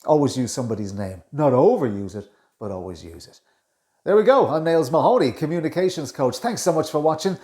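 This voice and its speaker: A man, a communication coach, giving casual reaction commentary with quick asides. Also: on the high side, big pitch swings, dark tone. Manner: chatty, with quick asides and self-corrections. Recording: echoey room.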